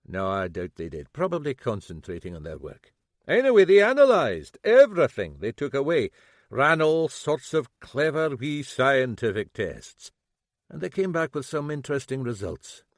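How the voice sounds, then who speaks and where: A man voicing a shrewd, middle-aged Scottish detective who needles a suspect slowly. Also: medium pitch, huge pitch swings, no room sound, studio quality, voice pushed up. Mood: sly. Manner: slow, needling, toying.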